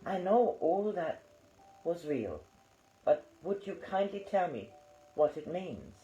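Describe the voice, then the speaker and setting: A man's voice: mid-range voice, sing-song, moderate pace, mellow, lightly acted. A man reading as a bewildered woman patient. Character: bewildered adult woman patient under hypnosis. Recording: roomy, slightly dull recording.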